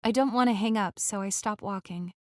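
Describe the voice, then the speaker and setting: Brief: female audiobook narrator, mid-pitched, gentle and intimate, very dry close recording. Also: brisk, dry recording. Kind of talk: scripted first-person romance narration.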